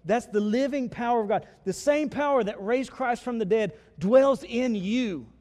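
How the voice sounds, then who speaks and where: A high-pitched man delivers an animated sermon from the pulpit. He slips into the voices of the people he quotes as he preaches. His voice rings out with a long reverb in the sanctuary. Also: normal speed. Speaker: pastor. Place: church sanctuary.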